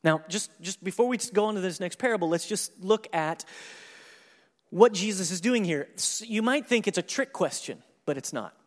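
A high-pitched man delivers a sermon with animated energy. He reads scripture and then dramatizes the exchanges, chuckling along the way. His voice rings with the long reverb of a large hall. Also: normal speed. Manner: animated, acts out scripture dialogue with laughs. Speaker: pastor.

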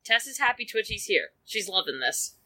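A woman's voice: medium pitch, sing-song, moderate pace, bright, forceful tone, breathy edge. A woman playing a tabletop game, chatting casually about her character with many fillers. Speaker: player. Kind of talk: casual tabletop role-play chat.

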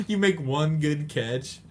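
A man's voice: fairly high pitch, expressive, slow, darkish tone, a little hiss or hum. Joking man on a podcast. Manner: loose, joking, puts on silly voices for people in his stories. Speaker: podcast co-host. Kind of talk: casual comedic chat.

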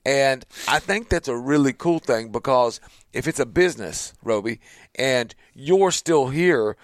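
Male host in his 30s, lively storyteller, dry close sound. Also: mid-range voice, normal speed, dry recording. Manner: animated, with voiced quotes. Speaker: podcast host. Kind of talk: casual storytelling.

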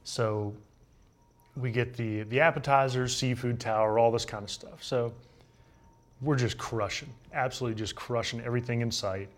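A young man spins a relaxed clubhouse story, unhurried and full of jokes, as a guest in an easygoing conversation. His voice sits at an everyday middle pitch. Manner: laid-back, joking anecdotes with laughs. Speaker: guest, pro baseball pitcher. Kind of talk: casual storytelling chat.

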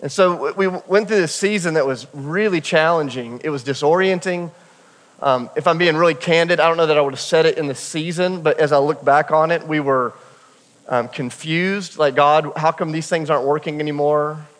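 A man's voice: fairly high pitch, normal speed, fairly bright tone, long reverb tail. A man preaching a sermon as a pastor, telling a personal story in a candid, humorous way. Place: church sanctuary.

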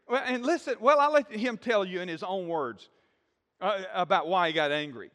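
A man's voice: high-pitched, expressive, moderate pace, a bit bright. A man preaching a sermon and asking the congregation questions as he talks. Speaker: pastor. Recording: long hall reverb.

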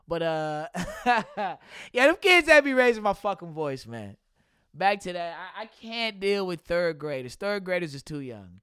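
A young man chats loosely on a casual podcast, cursing freely and breaking into laughter. His voice sits high and comes through smooth and clear. The sound is close and dry. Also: big pitch swings, measured pace, a bit bright, no room sound. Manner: loose, profane, laughs often. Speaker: podcast host and substitute teacher.

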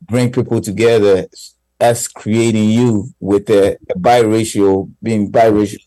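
A man co-hosting a radio talk show, talking casually and haltingly with many fillers. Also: fairly low pitch, steady tone, dark tone, no echo, poor audio. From Ghana. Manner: halting, full of "you know" fillers. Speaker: radio co-host.

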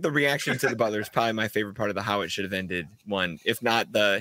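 A man co-hosting a casual film podcast, sardonic and quick to laugh. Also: fairly low pitch, sharp tone, no echo. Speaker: podcast co-host.

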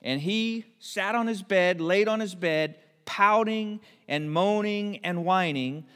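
A man's voice: high voice, slow, fairly bright tone, clear, resonant tone. Preaching man in a reverberant hall. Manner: storytelling preacher, voices biblical characters briefly. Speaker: pastor. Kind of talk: sermon.

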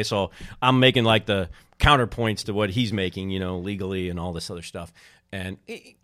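Middle-aged male guest, low voice, dry close mic; chatty storyteller who acts out his quotes. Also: fairly quick, no room sound. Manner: animated storyteller, acts out quoted people, laughs often. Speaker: podcast guest, former baseball team co-owner. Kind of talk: casual storytelling chat.

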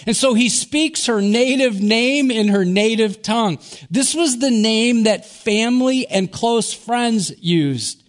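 A pastor from Wisconsin preaching in a slow, earnest way that sinks to hushed, whispered phrases on key words. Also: male voice, very high voice. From Wisconsin, USA. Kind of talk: sermon.

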